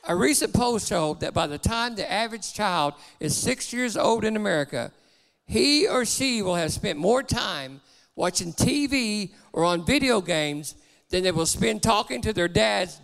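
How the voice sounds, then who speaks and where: A man's voice: high-pitched, creaky, a bit bright, big-room sound. A man preaching a sermon in church, earnest and exhorting.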